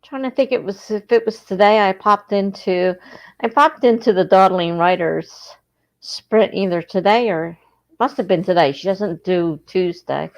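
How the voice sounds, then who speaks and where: On a rough recording, a woman from the US East Coast hosts a relaxed writing-sprint livestream in a mid-range voice, speaking a little slowly. Getting sleepy, she rambles and keeps correcting herself.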